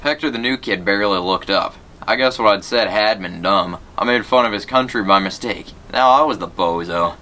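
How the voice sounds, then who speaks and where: A man's voice: on the low side, moderate pace, sharp tone. A man reading a children's novel aloud, telling the story plainly and voicing the characters lightly. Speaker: reader.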